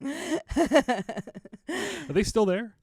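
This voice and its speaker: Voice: mid-range voice, animated, drawn-out words, darkish tone, no echo, clean studio sound. A podcast co-host chatting casually, chiming in with short matter-of-fact remarks. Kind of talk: casual chat.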